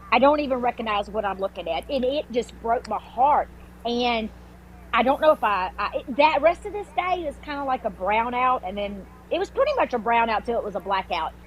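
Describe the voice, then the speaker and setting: Podcast guest: woman, highish voice, animated, salty storyteller. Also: a little hiss or hum, poor audio. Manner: animated, swearing, many restarts and filler words. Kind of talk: casual storytelling.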